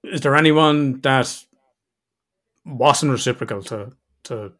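A man's voice: medium pitch, slow pace, a bit bright. A man in casual chat, laid-back, who swears freely and trails off at the ends of his sentences.

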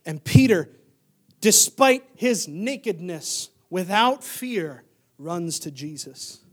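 A middle-aged male pastor preaching a sermon in a church, swinging from loud bursts to hushed near-whispers. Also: sits high, expressive, slow pace, faint music behind. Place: church sanctuary.

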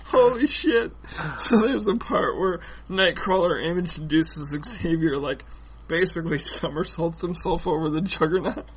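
A man's voice: a little high, normal speed, slight background noise. A man co-hosting a casual comic-book podcast, telling stories with lots of swearing and laughter. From Irish heritage in the US. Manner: profane, laughing storyteller. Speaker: podcast co-host.

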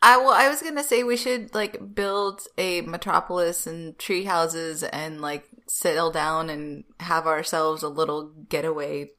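A woman's voice: deep voice, steady tone, unhurried, few pauses, bright, forceful tone. A woman playing in a tabletop game, rambling with many "like"s. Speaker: player. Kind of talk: casual tabletop game chat.

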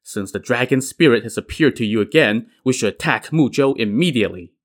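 A man voicing a shrewd male military strategist who gives advice in a brisk, decisive way close to his own voice. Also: mid-range voice, animated, lightly acted.

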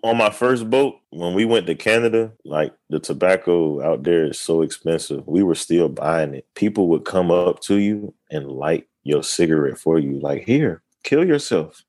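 Emphatic, low-voiced podcast co-host. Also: male voice, normal speed, few pauses, dry recording. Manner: loud, emphatic, swears a lot, says "bro". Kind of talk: casual chat.

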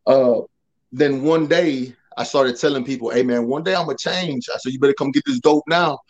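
A man who talks loud by nature, a podcast guest telling a personal testimony in casual slang and acting out the dialogue. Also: medium pitch, moderate pace, lo-fi sound. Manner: loud, animated, acts out quoted dialogue.

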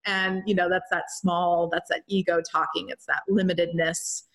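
A woman's voice: on the low side, level tone, normal speed, fairly bright tone. A young woman hosting a show, telling a personal story in a loose, chatty way with lots of fillers and run-on sentences. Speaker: podcast host and healer. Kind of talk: casual storytelling monologue.

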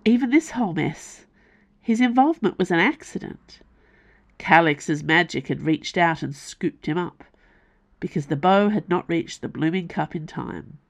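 A woman reading her own fantasy novel aloud as audiobook narration, measured and unhurried. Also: fairly low pitch, expressive, creaky. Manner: slow, measured storytelling.

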